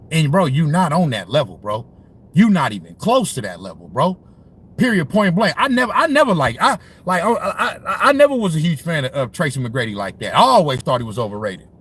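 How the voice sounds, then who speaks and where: Male sports vlogger, high voice, heated and profane, repetitive slangy rant. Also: fairly bright tone.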